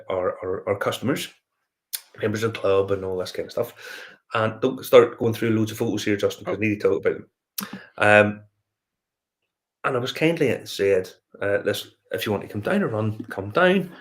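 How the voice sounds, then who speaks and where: A man with a Northern Irish accent chats casually as a whiskey show host, his voice sitting a little low. He tells his stories in a loose, rambling way, stopping for fillers and restarting his sentences. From Northern Ireland. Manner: rambling anecdotal storytelling with many fillers and restarts. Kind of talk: casual chat.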